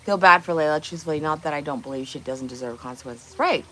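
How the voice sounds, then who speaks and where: A woman's voice: low voice, fast, a bit bright, slight background noise. A woman hosting a casual livestream from her kitchen, blunt and opinionated, swearing and firing off rhetorical questions. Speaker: livestream host. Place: home kitchen.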